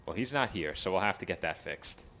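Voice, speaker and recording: A man calling play-by-play for a college baseball game, chatty between pitches and lifting his voice for the action. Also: lively intonation, brisk, sharp tone, a little hiss or hum. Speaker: play-by-play announcer.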